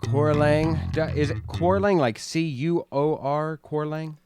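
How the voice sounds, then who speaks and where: Podcast dude, jokey teasing vibe, super dry close sound. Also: male voice, on the high side, slow, a little mellow, no room sound, soft background music. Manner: teasing, joking banter. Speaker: podcast co-host. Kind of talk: casual chat.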